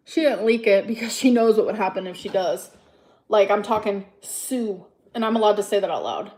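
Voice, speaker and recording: A woman's voice: animated, fairly quick. Heated ranting woman vlogger. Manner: heated, profane, swings between loud outbursts and low mutters. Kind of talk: angry ranting vlog.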